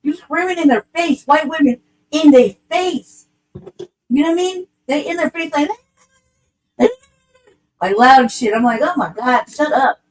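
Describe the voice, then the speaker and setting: A woman's voice: sits high, animated, unhurried, long pauses, slight background noise. A woman co-hosting a casual podcast discussion, ranting bluntly with profane street slang. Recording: voice distant from the mic.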